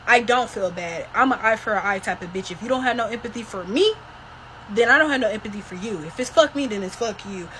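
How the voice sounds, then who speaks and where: A woman's voice: medium pitch, fast, a bit bright, slight background noise. A woman ranting bluntly and defiantly in a profane social media vlog.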